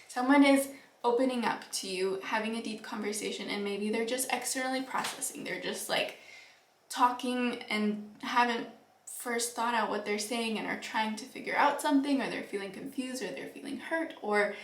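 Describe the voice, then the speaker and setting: A young woman vlogger giving earnest, reflective advice to the camera, with soft laughs and fillers. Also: a little high, far from the mic. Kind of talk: casual advice talk to camera. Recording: echoey room, voice a bit off-mic.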